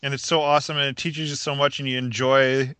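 Bright-voiced man ranting casually. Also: mid-range voice, level tone, fast talker, clear, resonant tone, no room sound. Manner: rambling, frequent restarts, laughs at own jokes. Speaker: podcast co-host. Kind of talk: casual chat.

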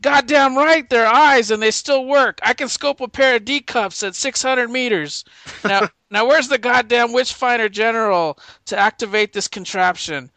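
A man voicing a profane, vulgar male army general who shouts curses in a raised, high voice. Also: normal speed, no echo, heavily acted, poor audio. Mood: ranting.

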